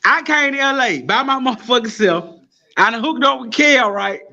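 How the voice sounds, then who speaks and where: Dude with a real high bright voice, swearing a lot, telling stories over a muffled call. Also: male voice, moderate pace, vocal fry. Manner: profane, animated storyteller. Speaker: guest rapper. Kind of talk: casual storytelling on a live stream.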